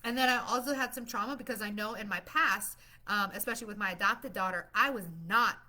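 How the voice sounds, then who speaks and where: A woman's voice: mid-range voice, a little fast, pushed and bright. A woman chatting casually on a live stream, bubbly and rambling, laughing often as she greets viewers and promotes her class. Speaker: livestream host promoting her masterclass.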